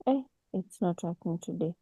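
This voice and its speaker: A woman, teaching a casual online forex class over a video call, unhurried and full of restarts. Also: fairly low pitch, animated, dark tone, dry recording, poor audio. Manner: unhurried, with many restarts and fillers. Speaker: forex mentor.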